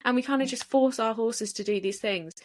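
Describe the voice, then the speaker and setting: A woman's voice: on the high side, fairly quick. A woman hosting a podcast, chatting casually and telling a story animatedly, acting out what people said. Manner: animated storyteller, acts out quotes. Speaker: podcast host. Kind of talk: casual chat.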